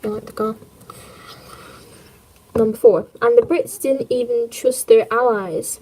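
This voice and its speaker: Slow, jokey woman reading history aloud. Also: on the high side, steady tone, poor audio. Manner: jokey, punning, wry asides.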